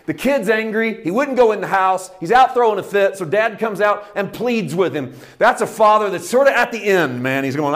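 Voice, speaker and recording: A middle-aged man preaching a sermon, telling a parable with lively storytelling and acting out its characters. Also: high voice, normal speed, few pauses. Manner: animated storytelling, acting out characters, rising to shouts. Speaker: pastor.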